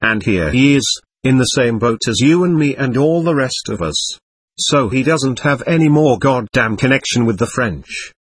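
A man voicing an exuberant, drunk, tall German soldier who talks loudly and boisterously in an audiobook reading. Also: medium pitch, expressive, moderate pace, slightly rough, no room sound. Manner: boisterous, shouting.

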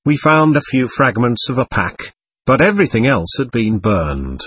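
A man's voice: medium pitch, big pitch swings, normal speed, a bit bright, breathy edge, no echo. A man narrating a war memoir in the first person, in a vivid, dramatic audiobook reading.

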